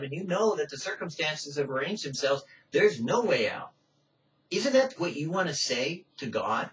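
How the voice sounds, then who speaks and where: A man preaching a sermon with passion, swinging from loud cries to hushed pleading in a church. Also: on the high side. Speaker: pastor. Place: church sanctuary. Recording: distant, muffled church recording.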